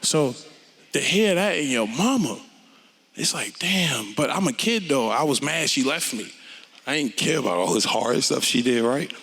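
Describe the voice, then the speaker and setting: A man, a rapper telling his story onstage in a blunt, profane and animated way. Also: medium pitch, normal speed, slightly rough, long reverb tail. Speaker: interview guest, rapper. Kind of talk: candid onstage conversation.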